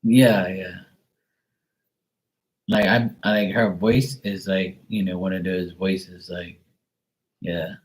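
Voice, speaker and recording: Deep-voiced man rambling through a psychic reading. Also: little pitch movement, takes it slowly, long pauses. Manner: rambling, hesitant, filler-heavy with mild profanity. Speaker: psychic tarot reader.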